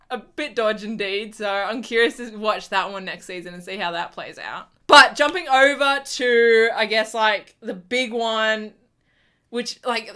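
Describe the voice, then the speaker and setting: A woman's voice: fairly high pitch, bright, forceful tone, clear, resonant tone. A young woman, chatting casually about a TV episode in a review vlog, full of fillers and exasperated restarts. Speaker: TV review vlogger.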